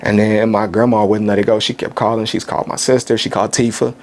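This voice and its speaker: A man from Kansas City, a podcast guest, speaking candidly and softly with frequent halting restarts in a casual conversation. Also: lowish voice, flat delivery, a little hiss or hum. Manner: soft-spoken, candid, halting with many restarts. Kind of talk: casual chat, personal storytelling.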